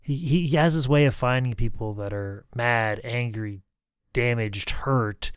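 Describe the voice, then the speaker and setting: A man's voice: medium pitch, normal speed, clean tone, no echo, studio quality. A man co-hosting a podcast, telling stories casually, swearing freely and acting out quotes. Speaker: podcast co-host. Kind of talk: casual storytelling chat.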